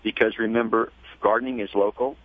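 A man talking as a guest in a radio interview, measured and spelling out web addresses slowly. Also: lowish voice, steady tone, no room sound. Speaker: guest, gardening educator. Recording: tinny phone line.

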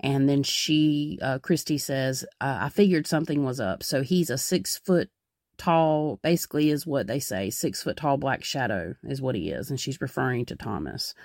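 A woman hosts a podcast in a loose, rambling way, circling back on her sentences. Her voice has a gravelly fry. The sound is dry and close. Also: rumbling low, expressive, normal speed, a little mellow, dry recording. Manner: rambling, many fillers and restarts. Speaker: podcast host. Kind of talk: casual podcast narration.

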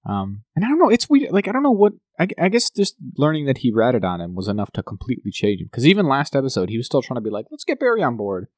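Man, podcast co-host, casual chat, rapid, lively pitch, dry close sound. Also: dry recording. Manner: animated, laughs often, talks over partner.

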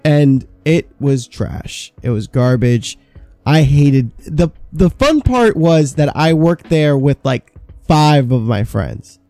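A man's voice: fairly high pitch, animated, takes it slowly, dark tone, dry recording, faint music behind. A man in his thirties, a podcast co-host, telling stories about old jobs in casual chat, swearing freely. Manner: swearing, storytelling with quoted asides.

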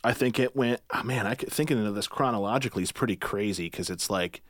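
A man's voice: on the low side, fast, fairly bright tone, no echo, studio quality. A man from Michigan, a guest musician chatting casually on a podcast, rambling with lots of fillers and restarts. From Michigan, USA.

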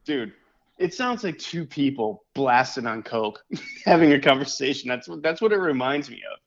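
A man's voice: mid-range voice, expressive, normal speed, lo-fi sound. A man co-hosting a podcast in loose, casual chat, full of fillers and restarts, laughing easily. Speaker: podcast co-host.

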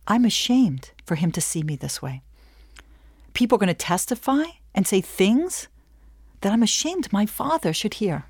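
A woman giving a humorous teaching talk to a group. She tells stories with lots of animation, acts out bits of dialogue and keeps checking in with her listeners. Her pitch sweeps widely, and the recording is dry and close. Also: animated, moderate pace, darkish tone, no echo. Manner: rhetorical questions, frequent "okay?". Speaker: speaker.

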